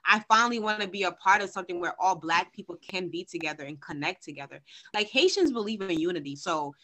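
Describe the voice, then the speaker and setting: A woman's voice: fairly low pitch, expressive, quick pace, bright, forceful tone. A woman guest on a podcast, chatting casually and animatedly, acting out quotes as she tells stories.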